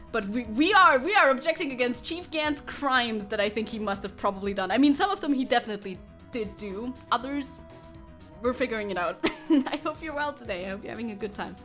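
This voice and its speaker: A woman's voice: a little high, expressive, moderate pace, fairly bright tone, faint music behind. A woman streaming a game, chatting casually with her viewers, laughing often and swearing freely. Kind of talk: casual gameplay chat with viewers.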